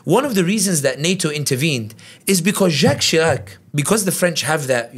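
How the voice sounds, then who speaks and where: A man with a somewhat high voice speaks as a podcast guest, spirited and quick. He breaks into little impressions of the people he quotes. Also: husky. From United Kingdom. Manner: animated, quick, acts out quotes in other voices. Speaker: guest commentator. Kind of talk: conversational analysis.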